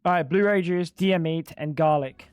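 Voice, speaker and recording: High-voiced man streaming a game. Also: moderate pace, darkish tone, clean tone, no echo. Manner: chatty, swears a lot, keeps saying "dude". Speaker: gaming streamer. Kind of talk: casual live-stream game commentary.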